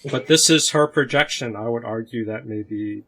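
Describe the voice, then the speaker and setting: Husky man hosting a video call. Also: medium pitch, moderate pace. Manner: opinionated, animated, laughs between points. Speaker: host of a discussion group. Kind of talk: casual group discussion on a video call.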